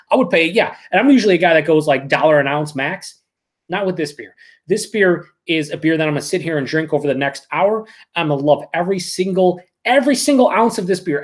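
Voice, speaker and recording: Excited, swearing man reviewing beer. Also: fairly high pitch. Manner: excited, profane and rambling; reads viewer comments aloud. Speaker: beer reviewer hosting a live stream. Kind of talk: casual live-stream rant.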